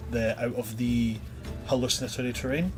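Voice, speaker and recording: A man runs a tabletop game with a chatty, loose narration full of fillers. His voice sits at an ordinary middle pitch. Faint music plays behind him. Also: flat delivery, moderate pace. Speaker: game master.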